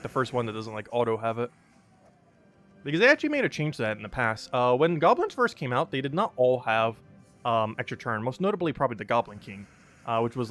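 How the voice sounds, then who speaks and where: Young male streamer, casual chatty commentary, laughs a lot, lively pitch, faint game music under. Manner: chatty, laughs often, many fillers.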